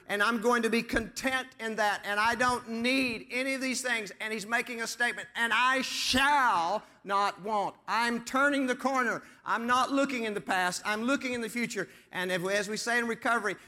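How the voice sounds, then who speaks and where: A man's voice: extremely high pitch, sharp tone. A man preaching a sermon as a pastor, emphatic, repeating phrases and asking the congregation questions. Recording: long hall reverb.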